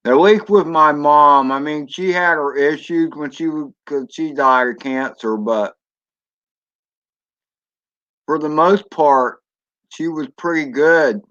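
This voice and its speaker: Man, drone hobby streamer, slow rambling chat, dull lo-fi sound. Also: fairly high pitch, fairly bright tone. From Florida. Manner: rambling, chatty, reads chat aloud. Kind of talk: casual live-stream chat.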